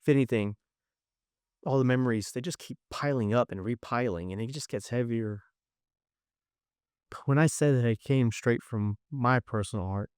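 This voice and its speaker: A man's voice: medium pitch, moderate pace, long pauses, darkish tone, smooth, no room sound, clean studio sound. A man giving a personal faith testimony, earnest and storytelling, acting out the voices of people he quotes. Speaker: testimony speaker.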